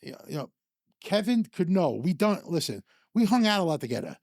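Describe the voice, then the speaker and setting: Older man rambling through stories, high voice. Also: big pitch swings, brisk, vocal fry, darkish tone, no room sound, clean studio sound. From New York area. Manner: rambling, with restarts and chuckles. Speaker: storyteller guest. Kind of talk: casual storytelling.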